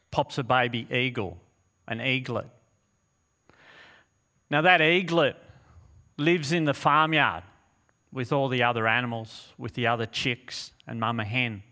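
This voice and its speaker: A man preaching a sermon, telling a story in an animated, dramatic way with slow pauses. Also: medium pitch. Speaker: pastor.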